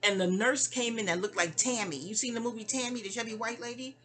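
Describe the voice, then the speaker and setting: A woman's voice: on the high side, quick pace, a bit bright. A young woman casually telling a personal story, chatty and digressive, often trailing off into asides. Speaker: audio diarist.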